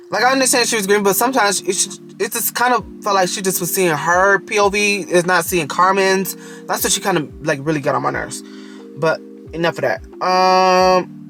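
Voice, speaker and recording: Animated, giggly young man reviewing a show. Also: high-pitched. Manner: animated, giggly, talks straight to the characters. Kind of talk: casual video review.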